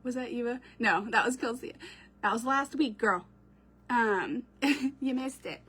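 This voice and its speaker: A woman's voice: a little high, a little slow, pushed and bright, slightly rough. A woman chatting casually while she crafts, answering viewers as she works. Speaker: craft creator. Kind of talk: casual crafting livestream chat.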